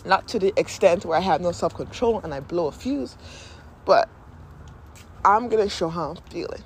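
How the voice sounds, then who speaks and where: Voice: mid-range voice, animated, normal speed, slight background noise. A podcast host talking candidly and emotionally in a casual spiritual monologue, often laughing and acting out inner voices.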